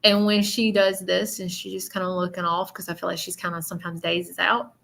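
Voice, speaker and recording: Bright-voiced Southern woman giving a reading. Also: on the low side, flat delivery, fairly quick, vocal fry. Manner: chatty, blunt, with many fillers. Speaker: spiritual medium. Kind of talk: live-stream psychic reading.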